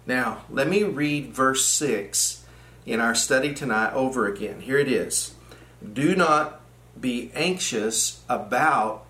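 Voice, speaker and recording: A man's voice: medium pitch, a bit bright. A man leading a Bible study, reading verses aloud and explaining them, often repeating phrases for emphasis. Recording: echoey room.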